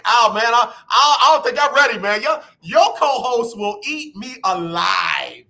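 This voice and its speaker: Guy hosting a radio show, talks high and bright, acts out little back-and-forths. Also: unhurried, gravelly. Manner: animated, acts out both sides of talks. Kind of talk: casual radio talk.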